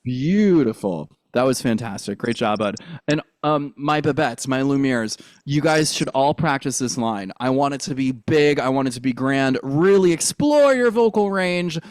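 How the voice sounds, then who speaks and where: Upbeat drama coach, dry close sound. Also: male voice, mid-range voice, animated, moderate pace, few pauses, no room sound. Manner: upbeat, encouraging, demonstrates lines. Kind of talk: accent coaching lesson.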